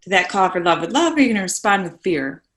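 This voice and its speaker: Woman guest, lowish voice, earnest storyteller, roomy recording. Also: sing-song, fast talker, fairly bright tone. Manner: earnest, tags points with "right?". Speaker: podcast guest. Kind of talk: emotional personal storytelling. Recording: roomy echo.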